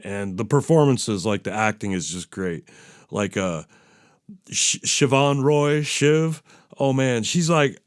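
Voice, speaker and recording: A man's voice: medium pitch, animated, slow, dry recording, studio quality. A man hosting a podcast, talking in a casual, rambling way with plenty of fillers and self-deprecating asides. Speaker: podcast host. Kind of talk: casual solo podcast chat.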